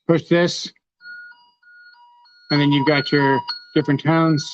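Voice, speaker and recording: A man's voice: fairly high pitch, little pitch movement, takes it slowly, soft background music. Chatty man in a dull lo-fi livestream. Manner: casual, chatty, talks while handling gear. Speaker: host demonstrating tools. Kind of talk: live tool demonstration.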